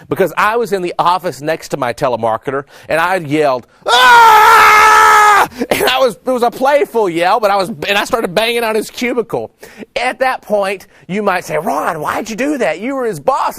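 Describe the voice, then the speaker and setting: Animated man telling sales stories. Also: high voice, no room sound. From Texas. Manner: animated storyteller, acts out dialogue. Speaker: sales trainer and speaker. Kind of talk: storytelling sales talk.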